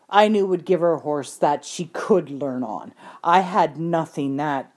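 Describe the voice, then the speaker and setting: A woman in the horse trade tells a story in a folksy, plain-spoken way, dropping the odd swear word. Her pitch sits a little low, but it swings up and down a lot as she puts on the voices of the people in her tale. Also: darkish tone. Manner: folksy and blunt, with mild swearing; acts out the voices in her stories. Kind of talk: casual storytelling.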